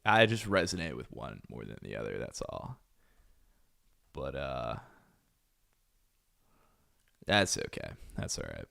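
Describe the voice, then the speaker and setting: A deep-voiced man with a gravelly edge chats bluntly through a casual reaction stream. His pitch swings a lot as he rambles with fillers and asides. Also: wildly swooping pitch, moderate pace, bright, forceful tone.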